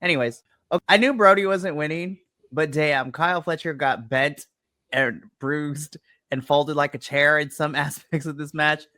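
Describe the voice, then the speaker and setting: A man co-hosting a wrestling podcast, recapping the show in a playful, animated way and acting out quotes. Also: on the high side, normal speed, no room sound, clean studio sound. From US West Coast. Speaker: podcast co-host. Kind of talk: casual chat, wrestling review. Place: home.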